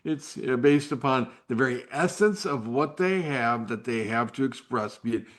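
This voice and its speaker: A man's voice: mid-range voice, animated, moderate pace. A man hosting a live faith-based talk, speaking in an unpolished way with many restarts and fillers, sometimes dropping to a whisper. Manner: drops to a whisper at times. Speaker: host.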